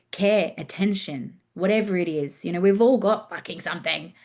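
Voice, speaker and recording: A woman hosting a casual solo podcast on relationships, talking loosely, swearing freely and acting out listeners' inner thoughts. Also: fairly low pitch. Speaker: podcast host and relationship coach.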